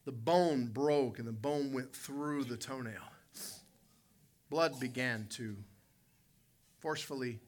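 A man preaching a sermon as pastor, telling a story in an animated way with sudden loud bursts. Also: medium pitch, slow pace, pauses often.

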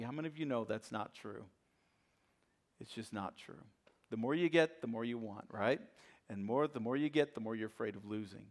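A male pastor preaches a sermon in church, swinging from loud emphasis to hushed asides and repeating phrases for weight. His voice is mid-range, at a moderate pace.

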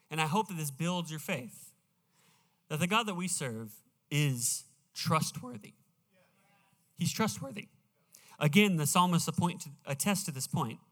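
A man preaching in a church sanctuary, his somewhat high voice carrying a long reverb tail through the hall. He talks earnestly and stretches out his scripture readings slowly and with weight. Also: a bit bright. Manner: earnest, slows down to read scripture emphatically. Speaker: pastor. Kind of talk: sermon.

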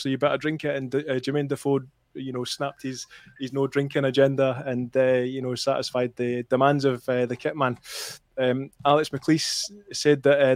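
A man hosting a podcast, speaking in a measured, somber way with frequent hesitations. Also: medium pitch, no room sound, studio quality. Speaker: podcast host. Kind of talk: casual podcast chat.

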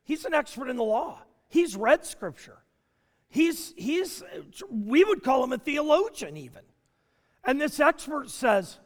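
A man with a very high voice preaches to his congregation. He asks question after question and his pitch swings widely as he builds his points. His words ring out with a long reverb, as in a big church hall. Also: measured pace. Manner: animated preaching with rhetorical questions. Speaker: pastor. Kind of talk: sermon.

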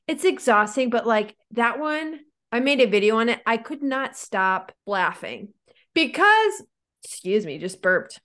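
A woman co-hosting a podcast in casual chat, animated and sarcastic, with lots of "like". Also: fairly high pitch, measured pace. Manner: animated and sarcastic, heavy use of "like". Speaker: podcast co-host.

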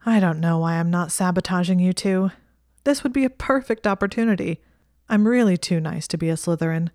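A woman's voice: on the low side, brisk, a little mellow, no room sound, studio quality, close to an everyday voice. A woman voicing an exasperated young male wizard with a wry, sardonic manner.

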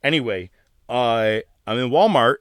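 A man's voice: mid-range voice, a little slow, clean tone, no room sound, clean studio sound. A man co-hosting a wrestling podcast, telling stories animatedly in casual chat. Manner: animated storyteller, acts out voices. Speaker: podcast co-host.

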